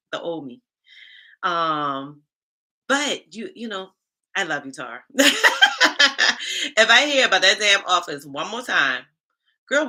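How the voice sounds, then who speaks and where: A middle-aged woman from Charleston with a Southern accent, chatting casually and sassily with viewers on a livestream. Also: fairly low pitch. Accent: Southern US Black vernacular, Charleston Geechee. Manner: animated, sassy, talks back to chat comments. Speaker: livestream host, HR coach.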